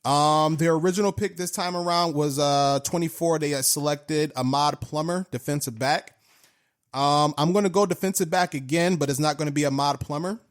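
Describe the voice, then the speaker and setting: Upbeat man with a fairly high voice. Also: fairly even intonation, normal speed. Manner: upbeat, conversational, repeats himself when unsure. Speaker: co-host. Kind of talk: casual sports chat.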